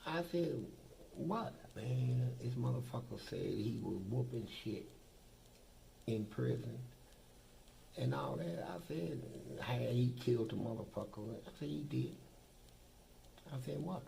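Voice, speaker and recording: Gravelly older man, blunt and profane. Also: medium pitch, lively intonation, measured pace, long pauses, mellow, a little hiss or hum, poor audio. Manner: blunt, profane, boastful storytelling. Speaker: interviewee, former prisoner. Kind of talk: documentary interview storytelling.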